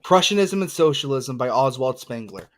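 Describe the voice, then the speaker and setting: A man's voice: mid-range voice, animated, moderate pace. A man hosting an online debate stream, lecturing crudely and with self-assurance.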